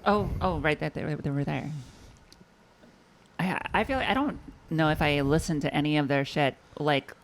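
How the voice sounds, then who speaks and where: A man's voice: on the high side, moderate pace. A man co-hosting a podcast in casual chat, curious and a bit hesitant, asking many questions. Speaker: podcast co-host.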